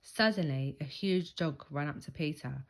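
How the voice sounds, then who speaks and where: A woman reading a children's picture book aloud, with expressive storytelling. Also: low-pitched, normal speed.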